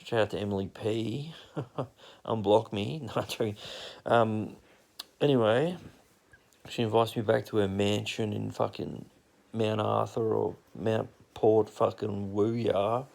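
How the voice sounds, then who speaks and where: Brief: Australian guy, low and croaky, telling a sweary, rambling yarn outside. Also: steady tone, slow pace, darkish tone. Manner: crude, swearing, laid-back yarn-spinning. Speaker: storyteller. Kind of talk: casual rambling anecdote. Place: outdoors in nature.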